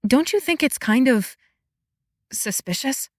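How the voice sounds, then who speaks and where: A woman playing a flustered, high-strung young mage. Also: expressive, unhurried, no echo, studio quality. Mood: curious. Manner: breathless and exasperated, squeaking when flustered.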